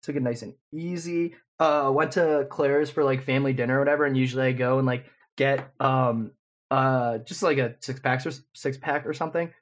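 Speaking at a normal speed with a medium pitch and steady tone, this twenties-aged male podcast co-host wanders through a casual anecdote packed with fillers.

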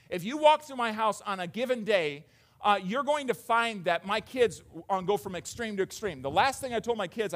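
A high-pitched man who is a father of young children preaches a conversational sermon. He often repeats words and swings between hushed and raised delivery.

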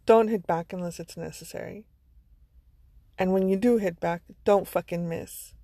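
A woman's voice: on the low side, fairly even intonation, normal speed, creaky, dark tone, no room sound. A woman vlogger giving a motivational monologue, earnest and blunt, with some swearing. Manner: earnest, blunt, sprinkled with profanity.

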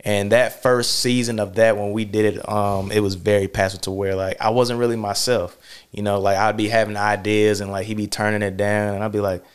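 A man's voice: fairly low pitch, flat delivery, a little fast, smooth. A man who made a podcast, talking in a loose, reflective conversational way with lots of filler words. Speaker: podcast creator. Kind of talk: casual conversational interview.

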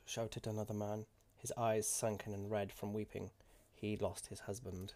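A man narrating a fantasy story in a measured, deliberate way with dramatic emphasis. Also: fairly low pitch, flat delivery, a little mellow.

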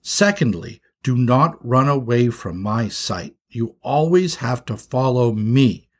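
Man doing a big-brother skunk, storybook voice, breathy, patient then shouting, lively pitch. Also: slow. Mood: gentle, instructive. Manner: patient, turns into frantic shouting. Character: young male skunk, caring big brother.

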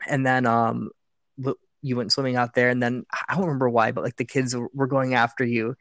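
A man's voice: medium pitch, little pitch movement, brisk, a bit bright, dry recording. A man chatting as a guest on a podcast, hesitant and full of fillers, often laughing as he recalls things. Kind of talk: casual chat.

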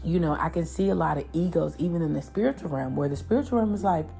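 A woman with a low, mellow voice gives a loose, profane tarot reading. She talks in an animated way and keeps slipping into the voices of spirits. Soft music plays faintly behind her. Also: fast talker, vocal fry. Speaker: tarot reader.

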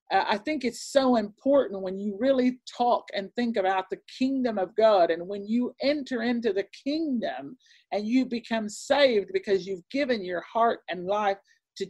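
Woman preaching, earnest and excitable, lots of ums and restarts. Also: mid-range voice. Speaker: Bible teacher. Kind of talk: sermon. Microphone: presentation with on-screen slides.

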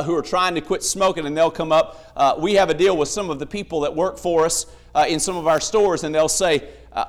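A man preaching a sermon, emphatic, telling stories and acting out the voices in them. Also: a little high.

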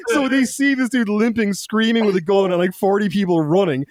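A man's voice: high-pitched, a little fast, over a noisy crowd. A young Irish man, a podcast co-host, telling a loose, profane anecdote in casual chat, laughing and acting out quotes. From Ireland.

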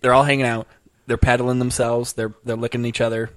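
A man co-hosting a comedy podcast, leading an improv scene and quick to laugh. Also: mid-range voice, level tone, dry recording, studio quality.

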